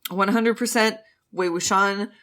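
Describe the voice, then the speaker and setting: Bright, excitable woman podcast co-host. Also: mid-range voice, a little slow. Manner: excitable, swearing, bursts of laughter. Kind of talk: casual chat.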